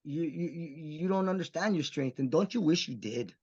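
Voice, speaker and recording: A man's voice: a little high, lively intonation, a little fast, a little mellow, slightly rough. A man from Texas, guest on a podcast, talking in an intense, profane, emphatic way. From Mission, Texas. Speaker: guest actor. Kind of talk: candid podcast conversation. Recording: dull lo-fi podcast audio.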